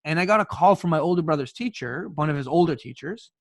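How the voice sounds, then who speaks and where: A Canadian man in his twenties, a podcast guest telling his story in an animated way and often repeating words as he starts a sentence. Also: on the high side, fast, no room sound. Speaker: podcast guest, youth speaker. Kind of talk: storytelling in conversation.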